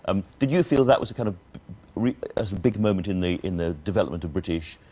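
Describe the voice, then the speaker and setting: Low-voiced male TV host interviewing. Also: animated, quick pace, dark tone. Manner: conversational, probing. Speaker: TV talk show host.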